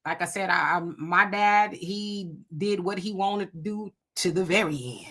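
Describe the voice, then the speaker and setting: Bright-voiced woman hosting a live chat. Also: on the low side, unhurried. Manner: animated storytelling with frequent laughs. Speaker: livestream host. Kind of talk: casual live chat reading viewer comments.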